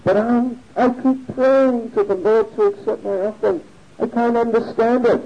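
A man's voice: steady tone, a little slow, creaky, warm tone, slight background noise, exaggerated voice. A man voicing an anxious grown male devotee who frets and begs in a raised, pleading voice. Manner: fretful, pleading, high-pitched. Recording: dull lo-fi recording.

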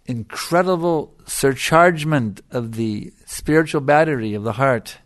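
A man's voice: mid-range voice, a little slow, no echo, clean studio sound. A middle-aged man giving a devotional lecture as a spiritual teacher, emphatic and repeating his phrases for stress.

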